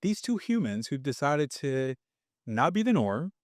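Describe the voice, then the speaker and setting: A podcast host who asks rambling, animated questions full of restarts and "like.". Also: mid-range voice, measured pace, no echo, studio quality. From Tennessee, US. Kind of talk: casual interview conversation.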